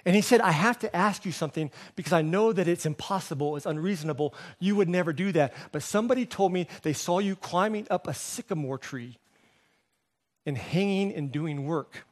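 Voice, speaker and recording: A man preaching a sermon as pastor, telling the story with animated delivery and briefly voicing the people in it. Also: brisk. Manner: drops to a soft, low voice for emphasis.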